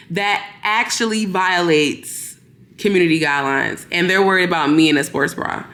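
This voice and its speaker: A woman's voice: on the low side, normal speed, a bit bright. A young woman vlogger chatting casually to camera from her bedroom, exasperated and ranting to her viewers. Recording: roomy echo.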